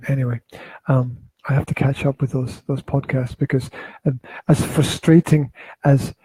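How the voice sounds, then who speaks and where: A man's voice: mid-range voice, steady tone, moderate pace, mellow, breathy edge, dry recording. A man hosting a parenting podcast in casual chat, joking and rambling with many restarts. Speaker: podcast host.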